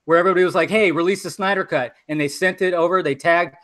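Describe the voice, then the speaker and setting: High-voiced man arguing indignantly. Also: steady tone, fast, a bit bright. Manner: defensive, indignant, swearing, repeats himself. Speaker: podcast host. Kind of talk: heated argument on a livestream.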